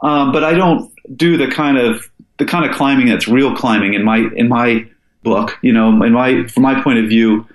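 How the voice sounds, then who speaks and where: A man's voice: medium pitch, normal speed, reverberant, poor audio. An older man from Alaska, a podcast guest telling a story with plenty of restarts. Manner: earnest, lots of restarts. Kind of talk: casual storytelling interview.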